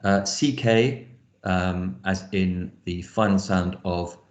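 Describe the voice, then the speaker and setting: Man, low voice, lecturer, online lesson, spells letters out, thinks aloud, echoey room. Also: steady tone, slow, a little hiss or hum. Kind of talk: online teaching session.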